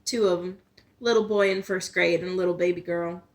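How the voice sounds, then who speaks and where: A woman's voice: lowish voice, fairly even intonation, a little fast, lightly acted. A woman reading a story aloud, voicing a young woman putting on a thick, sweet Southern country drawl. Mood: sugary.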